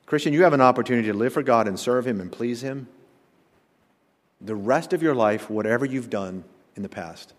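A man, a pastor, preaching a sermon that swings from loud declarations to hushed asides. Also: medium pitch, brisk, long reverb tail.

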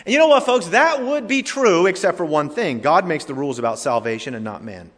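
Brief: male pastor, emphatic and repetitive preaching, slightly high voice. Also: expressive, a little fast, fairly bright tone. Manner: emphatic, repetitive, addresses congregation directly. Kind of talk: sermon. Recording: reverberant hall.

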